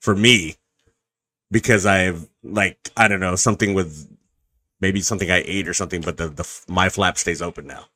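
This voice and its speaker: A man hosting a casual podcast chat, his voice deeper and rougher from acid reflux, rambling and swearing with many restarts. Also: fairly even intonation, moderate pace, bright, forceful tone. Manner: rambling and profane, with frequent restarts. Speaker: podcast host.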